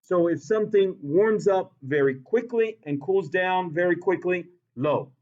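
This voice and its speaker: A man's voice: sits high, unhurried, a little mellow, lo-fi sound. A man teaching a science class who repeats key points and quizzes his students. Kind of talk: classroom lecture.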